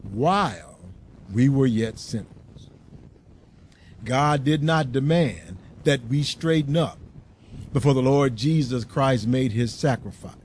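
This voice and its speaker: A man reading a story aloud and turning it into a sermon, slow and deliberate with emphasis. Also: mid-range voice, lively intonation, a little mellow, a little hiss or hum. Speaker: preacher.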